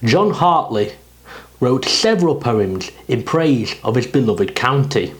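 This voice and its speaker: A man recites a dialect poem slowly and deliberately, letting his pitch swing widely from line to line. His delivery is expressive and animated, with each verse given weight. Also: low-quality recording. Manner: expressive, rising and falling delivery. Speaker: poetry reader.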